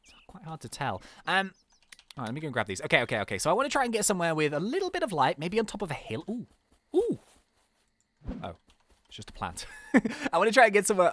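A man giving excitable, chatty commentary while playing a video game, often laughing and exclaiming. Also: on the high side, quick pace, long pauses, soft background music. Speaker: gaming video host. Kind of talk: casual let's-play commentary.

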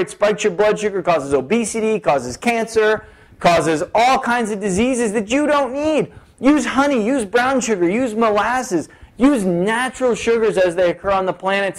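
A man who works as a chiropractor, giving a casual health talk to camera in an energetic, joking and emphatic way. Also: sits high, low-quality recording.

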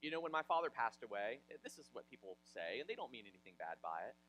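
A male pastor from Ohio, preaching a sermon in an animated, conversational way with personal stories. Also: medium pitch, fast talker, slight background noise, low-quality recording. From Ohio, USA.

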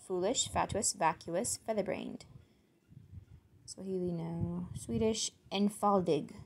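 A woman's voice: on the low side, darkish tone, slight background noise. A woman reading out foreign words and their meanings, thinking aloud and sounding them out as she goes. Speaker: word channel host. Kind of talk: solo vocabulary reading.

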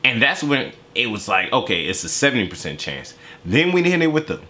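A man's voice: medium pitch, big pitch swings, fairly quick, bright, forceful tone. A young man hosting a reaction video, giving casual, profane, joking play-by-play commentary. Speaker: YouTube reaction host.

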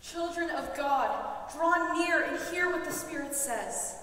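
Woman, high voice, earnest prayerful stage reader, roomy hall sound. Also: slow, few pauses, a bit bright, a little hiss or hum. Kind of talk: dramatic stage reading. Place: large church hall stage. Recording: echoey hall from far off.

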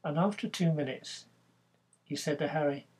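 A man's voice: fairly high pitch, normal speed, a little mellow. A man casually telling a joke as narration, chatty, with fillers.

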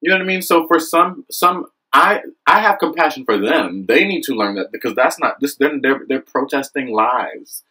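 Young man, husky voice, earnest direct-to-camera rant, preachy and animated. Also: moderate pace, hardly any pauses, low-quality recording. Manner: earnest, preachy, frequent "okay?" and "you know what I mean?"; animated, swings high when excited. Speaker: vlogger. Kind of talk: impassioned direct-to-camera monologue.

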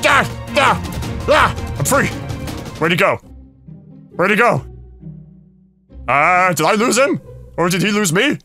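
A man giving frantic, panicky gameplay commentary, yelping and shouting between rambling fillers, with faint music behind him. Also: high-pitched, expressive, unhurried, pauses often. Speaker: gaming YouTuber.

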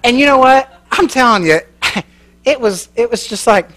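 High-pitched folksy preacher man. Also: lively intonation, normal speed, a bit bright. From American Midwest. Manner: folksy, jokey, laughs at his own lines. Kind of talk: sermon with storytelling. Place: church.

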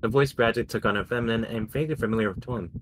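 A man's voice: mid-range voice, racing, slight background noise. A man dramatically reading a first-person horror story. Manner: dramatic, acting out fear and desperation.

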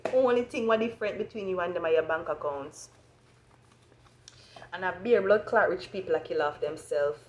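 A woman's voice: lowish voice, normal speed, slight background noise. A woman with a Jamaican accent giving an astrology reading as a blunt, profane rant. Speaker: astrology reader.

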